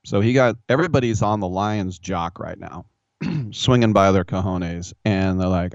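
Low-voiced, rambling sports radio host. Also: male voice, moderate pace, vocal fry, no echo. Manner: rambling, self-mocking storytelling. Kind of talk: casual sports talk radio. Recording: dull, dry studio sound.

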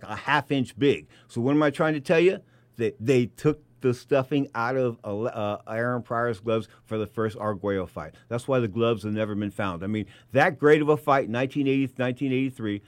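A man's voice: medium pitch, no echo. A man hosting a boxing talk show, telling a story with emphatic repetition and bursts of anger. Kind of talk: animated radio talk show monologue.

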